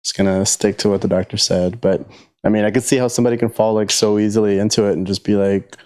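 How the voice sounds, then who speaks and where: A man's voice: fairly low pitch, steady tone, fast talker, a little mellow. A man in casual podcast chat, telling a rambling, profane, laid-back story.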